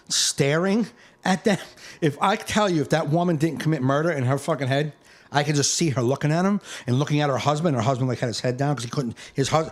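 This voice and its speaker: Guy comic telling a story on his podcast, acts out voices, cusses a bunch. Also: on the high side. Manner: animated storytelling, swears freely, acts out voices. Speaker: comedian and podcast host. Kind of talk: casual podcast chat.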